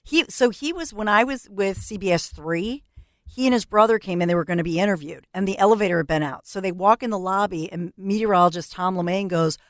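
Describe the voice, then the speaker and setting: A woman's voice: mid-range voice, brisk, dry recording, clean studio sound. A woman co-hosting a talk radio show, chatting in a friendly way and telling short stories. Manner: friendly, storytelling, laughs often. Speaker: radio co-host. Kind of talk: casual talk radio banter. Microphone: studio microphone.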